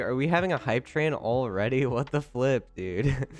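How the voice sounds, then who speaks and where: A young man chats loosely with his live-stream viewers. He runs through greetings, then jumps up louder to thank a supporter. Faint music plays under his mid-pitched voice. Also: normal speed. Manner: greets chat members by name, bursts of loud excited thanks. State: recovering from a cold. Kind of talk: casual live-stream chat.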